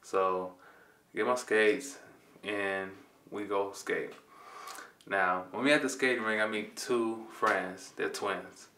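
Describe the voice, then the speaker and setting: With a fairly low pitch and fairly even intonation, a man in his twenties from Compton, California slowly relates a personal story, acting out the lines in a laid-back, slangy manner. His tone is pushed and bright, there's a little hiss or hum, and the roomy recording comes from a mic placed at a distance.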